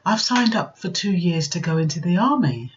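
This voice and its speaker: A woman voicing a young adult son who speaks in a brisk, offhand way. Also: fairly low pitch, lively intonation, a little hiss or hum, pitched above the performer's own voice, lightly acted. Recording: dull lo-fi recording.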